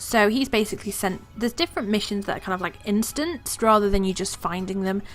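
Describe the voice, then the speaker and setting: A woman hosting a let's play, chatting casually and excitedly about what she sees in the game. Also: mid-range voice, fairly quick, soft background music. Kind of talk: casual gameplay commentary.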